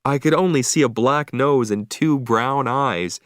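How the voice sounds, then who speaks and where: A man narrating an audiobook for language learners in a slow, clear, deliberate reading. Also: medium pitch, a bit bright, dry recording, clean studio sound.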